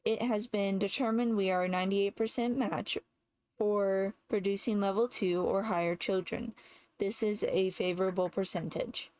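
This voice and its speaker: A woman's voice: mid-range voice, steady tone, normal speed, darkish tone, no echo, lightly acted. A woman reading as a stiff, formal young man. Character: formal young man writing a matching request.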